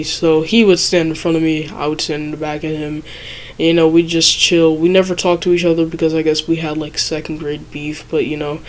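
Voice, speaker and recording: Rambling, profane storytime vlogger. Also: medium pitch. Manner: rambling and profane, heavy use of fillers; self-mocking asides. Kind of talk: casual storytime narration.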